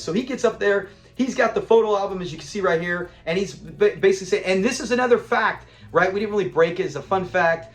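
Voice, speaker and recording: High-voiced excitable male reviewer. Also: fast talker, hardly any pauses. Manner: excitable, laughs a lot, acts out lines. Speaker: episode reviewer, channel host. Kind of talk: casual video commentary.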